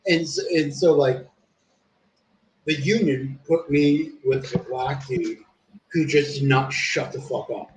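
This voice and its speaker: A man with a slightly high voice tells a loose, profanity-laced work story on a stream. He rambles with plenty of fillers and restarts. The room is echoey, with faint ambient noise behind him. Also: slow pace. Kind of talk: casual chat.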